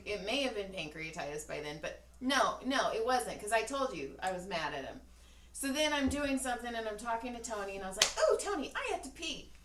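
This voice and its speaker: A woman's voice: fairly high pitch, brisk. Woman rambling through a story, voice jumping all over, kinda far from the mic in a roomy space. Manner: animated storytelling, acts out quotes, swears freely. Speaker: podcast co-host. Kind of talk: casual chat.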